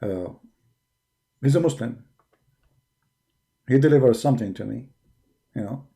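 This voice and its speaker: A man from the Arab world with an Arabic accent, speaking English as a second language with broken grammar, arguing forcefully in a preaching monologue. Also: medium pitch, unhurried, vocal fry. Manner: forceful, argumentative, with non-native grammar. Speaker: religious debater.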